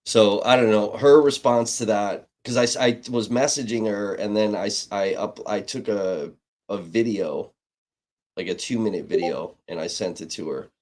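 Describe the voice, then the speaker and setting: A man on a live stream rambles through a heated story in casual conversation, cursing freely and often starting sentences over. His voice is lowish and a little mellow, at normal speed.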